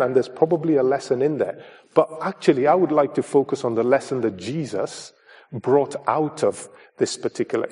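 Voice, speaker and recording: A man's voice: mid-range voice, dark tone, breathy edge. A man preaching a sermon, earnest and emphatic, who calls his listeners folks as he presses his point home.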